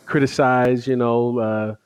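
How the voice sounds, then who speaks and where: A man's voice: mid-range voice, flat delivery, measured pace, smooth, no echo. A man in a casual political chat who talks hesitantly, often starting over. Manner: hesitant, stumbling restarts.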